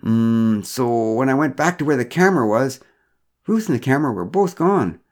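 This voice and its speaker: A man's voice: medium pitch, lively intonation, normal speed, pitched above the performer's own voice, lightly acted. A man voicing a flustered middle-aged father who is out of breath, stammering and making defensive excuses.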